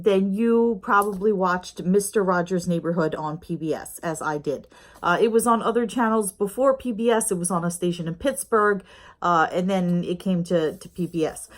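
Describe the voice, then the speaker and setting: Chatty, rambling middle-aged woman. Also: mid-range voice. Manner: chatty, rambling, with many fillers. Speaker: YouTube reviewer. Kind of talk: casual review chat. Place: home with a snoring pet dog nearby.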